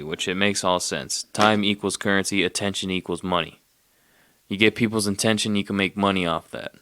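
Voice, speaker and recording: Low smooth-voiced man rambling casually. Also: sharp tone, no room sound, clean studio sound. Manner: loose, profane, loses his train of thought. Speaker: podcast host.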